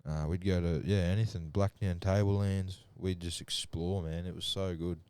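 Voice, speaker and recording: Deep-voiced young Australian man. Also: steady tone, moderate pace, darkish tone, smooth, no room sound. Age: young adult. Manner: rambling, swearing storyteller. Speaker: podcast guest. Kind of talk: casual chat.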